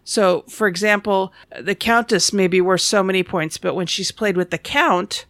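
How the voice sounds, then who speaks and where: A woman's voice: mid-range voice, normal speed, fairly bright tone, dry recording, clean studio sound. A woman co-hosting a board game podcast, explaining game rules in a casual, self-deprecating way. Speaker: podcast co-host.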